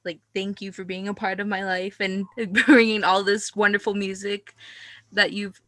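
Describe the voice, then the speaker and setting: A woman's voice: medium pitch, little pitch movement, normal speed, a bit bright, dry recording. A woman fan on a video call, nervous and giggly as she asks her question. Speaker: fan caller. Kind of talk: casual chat.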